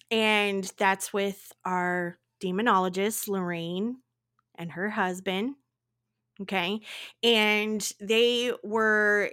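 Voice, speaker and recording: A woman co-hosting a podcast in casual chat, animated and playful, with dramatic asides. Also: mid-range voice. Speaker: podcast co-host.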